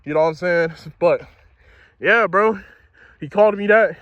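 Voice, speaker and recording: A man's voice: sits high, normal speed, no room sound, dull audio. A young man telling a story from his school days in a casual, slangy, profane way, speaking outdoors.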